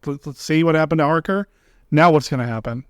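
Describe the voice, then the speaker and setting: A man's voice: a little high, fast, smooth, no echo, clean studio sound. A man hosting a podcast, chatting casually about old horror films and acting out quotes in a raised voice. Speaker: podcast host. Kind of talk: casual film discussion.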